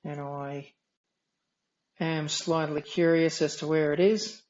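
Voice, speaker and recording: An Australian man with a nasal, droning voice, giving dry, wry, unhurried commentary while streaming a game. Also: on the high side, steady tone, a little mellow, muffled recording. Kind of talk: casual gameplay commentary.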